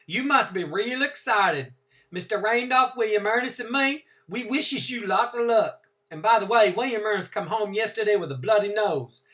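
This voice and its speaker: A man voicing a warm, folksy older foster mother who chats fondly in dialect as she writes a letter. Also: high voice, lively intonation, moderate pace, pitched above the performer's own voice. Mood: chatty, fond. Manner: Southern-style dialect, chatty and fond.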